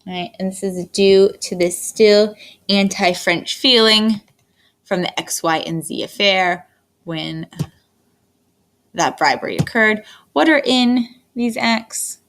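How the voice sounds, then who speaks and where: A woman teaching history in a recorded lecture, her voice sitting at an ordinary middle pitch. She talks in a steady, somewhat monotone way, often pausing on fillers and restarting her sentences. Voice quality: monotone delivery. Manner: unhurried, with frequent fillers and restarts. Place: indoors, screen-recorded lecture.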